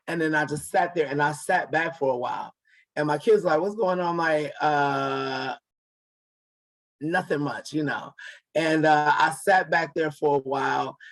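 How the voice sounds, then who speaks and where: A man's voice: fairly high pitch, a bit bright. A man in his forties, an author and guest, telling a story casually and acting out the dialogue with many restarts. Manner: acts out quoted dialogue, repeats and restarts words.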